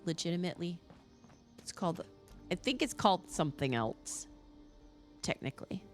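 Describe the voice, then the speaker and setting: Woman streamer, casual chat, musing, lowish pitch, faint music. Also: sing-song, moderate pace. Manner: chatty, musing, easily fascinated. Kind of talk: casual live-stream chat while gaming.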